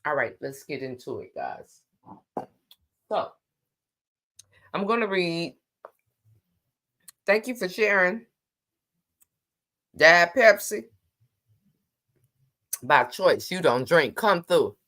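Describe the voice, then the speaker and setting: Low-voiced woman hosting a casual livestream. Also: big pitch swings, slow pace, pauses often, fairly bright tone. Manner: chatty, teasing, greets viewers by name. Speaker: livestream host.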